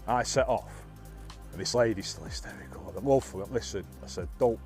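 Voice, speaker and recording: A man with a fairly low voice tells a story in a relaxed, rambling way. He chuckles often, stumbles and restarts his sentences, and talks about himself modestly, with faint music behind him. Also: brisk. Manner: self-deprecating, laughs often, many restarts. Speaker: bus driver. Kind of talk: casual storytelling.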